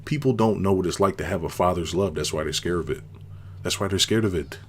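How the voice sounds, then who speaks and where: A man's voice: deep voice, quick pace, slight background noise. A man hosting his own video channel, talking casually and at length, firing off rhetorical questions, tacking "right?" onto his points and repeating himself for emphasis. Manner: rambling, with many rhetorical questions and tag "right?". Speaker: business consultant and video host. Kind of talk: casual spoken commentary to camera.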